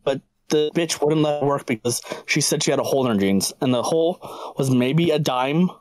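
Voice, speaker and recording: A man's voice: fairly high pitch, brisk, a little mellow, dry recording, low-quality recording. A man on a casual podcast, telling a crude work story full of profanity and laughter. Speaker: podcast co-host.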